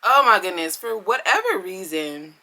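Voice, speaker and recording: A woman vlogging in casual chat, animated and giggly, with chatty asides and a drawn-out delivery. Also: mid-range voice.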